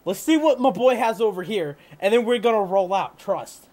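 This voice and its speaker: High-voiced hyped young gamer guy. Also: moderate pace. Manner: hyped, boastful, yells when excited. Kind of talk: live gameplay commentary.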